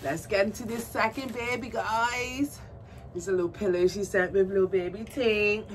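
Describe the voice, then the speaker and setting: A woman vlogging about her doll collection in a casual unboxing chat, gushing and excitable, cooing at a doll in baby talk. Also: mid-range voice, normal speed. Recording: distant mic with faint background noise.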